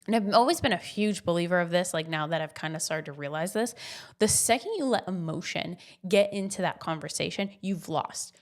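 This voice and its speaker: Woman in her 30s hyping you up, blunt, swears a lot, casual podcast talk. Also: fairly low pitch. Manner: blunt, swears freely, pep-talk energy. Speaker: podcast host.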